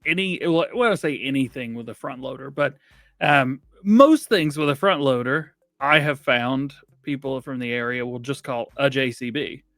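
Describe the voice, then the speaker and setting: A man's voice: mid-range voice, moderate pace, fairly bright tone, dry recording. A man co-hosting a casual gaming podcast, chatty and rambling, laughing often. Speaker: podcast co-host.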